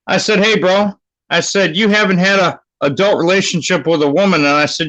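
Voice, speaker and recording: A man's voice: sits high, fairly even intonation, fairly quick, pushed and bright, highs cut off. A man in a rowdy casual chat, telling crude, boastful stories.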